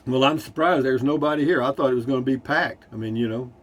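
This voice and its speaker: An older man with a Texan accent, casually reading viewer comments from his motorhome, rambling and dryly joking. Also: mid-range voice. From Texas. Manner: folksy, rambling, dry humor. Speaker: RV vlogger. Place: inside a Class C motorhome.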